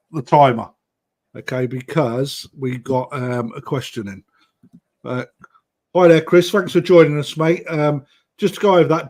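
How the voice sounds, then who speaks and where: A middle-aged British man, his voice a little high with a darkish tone, hosts a live-streamed koi auction. He chats with viewers in matey banter while calling out bids and the time left.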